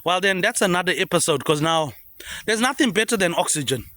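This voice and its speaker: A man rambles on in a high, swooping voice that leaps up and down. He keeps tacking a low "mate, eh" onto his lines. The sound is close and dry. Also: expressive, a little fast, bright, forceful tone, no room sound. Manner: repetitive, trailing "mate, eh" tags dropped low. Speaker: vlogger. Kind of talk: rambling monologue.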